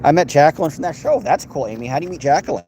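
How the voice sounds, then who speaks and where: A man's voice: fairly high pitch, lively intonation, rapid-fire, dark tone, slight background noise. An American man hosting a livestream, reading and answering chat in a crude, sarcastic, rambling way. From United States.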